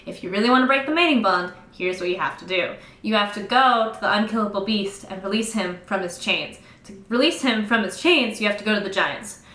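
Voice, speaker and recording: A young woman voicing a weary female bloodletter in a flat, dismissive way during a casual book recap. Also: mid-range voice, a little fast, few pauses, lightly acted. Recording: roomy echo.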